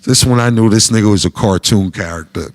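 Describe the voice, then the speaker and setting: A man telling a comic anecdote in a casual, profane, slangy way, getting animated as he goes. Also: lowish voice, fairly quick. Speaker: storyteller guest.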